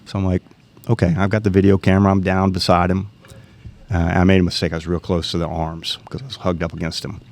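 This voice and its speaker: A man's voice: low voice, fast. A middle-aged man, casually telling a hunting story and acting out the dialogue. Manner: animated storyteller, acts out quoted dialogue.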